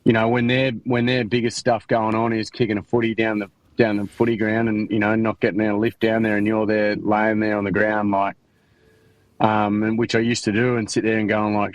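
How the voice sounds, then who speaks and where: Speaking a little fast and in a completely flat delivery, this lowish-voiced Australian from Queensland recounts his life on a podcast with frank, slangy candor. Restarts and fillers crop up constantly. There's no room sound, but the audio quality is poor.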